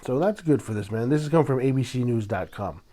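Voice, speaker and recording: A man from Hawaii hosting a solo podcast, talking at an ordinary middle pitch. He rambles through his stories and turns dramatic, breaking into sudden loud bursts. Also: animated, fast talker. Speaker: podcast host. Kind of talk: solo casual podcast talk.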